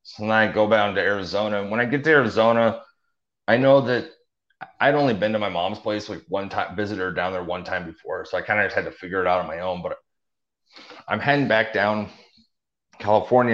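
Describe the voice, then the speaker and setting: A man's voice: lowish voice, fairly even intonation, brisk, a bit bright. A young man telling his story in a casual, rambling way, full of fillers and restarts. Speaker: interview guest. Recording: dull lo-fi audio.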